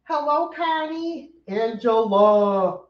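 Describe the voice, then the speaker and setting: Woman host, bubbly, greets viewers, high and animated, roomy lo-fi audio. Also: slow pace, recorded from a distance. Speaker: live stream host. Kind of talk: casual live-stream chat. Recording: roomy, dull lo-fi stream audio.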